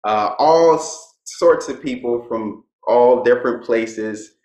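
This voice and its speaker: A young man speaks as a guest in a relaxed, conversational interview. His voice sits in a middle register, and his storytelling is easygoing and punctuated with laughter. The recording has a noticeable echo, as if he is in a bare room. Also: medium pitch, slow pace.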